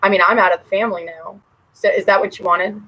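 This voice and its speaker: A woman venting to her camera at her sister, bitter and profane, her voice dropping low or flaring hot. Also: steady tone, quick pace, bright, forceful tone, dull audio. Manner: swings between muttering and heated outbursts. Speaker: vlogger addressing her sister. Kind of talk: personal rant to camera.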